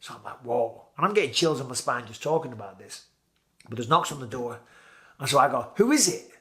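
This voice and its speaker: A man's voice: mid-range voice, fast, pushed and bright. British man telling a tense story. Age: 40s. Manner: vivid storytelling, acting out his own past lines. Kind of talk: casual spoken anecdote.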